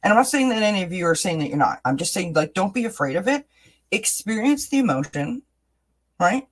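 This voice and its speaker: A tarot reader hosts a livestream reading in a very animated, mid-range voice at a moderate pace. Chatty and casual, they keep asking "right?" while repeating words and restarting sentences.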